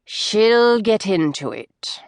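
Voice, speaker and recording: A stern, domineering mother lectures in cold, clipped sentences, as a woman narrator voices her. The voice swings widely in pitch and sounds close and dry. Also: wildly swooping pitch, takes it slowly, no echo, exaggerated voice. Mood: menacing.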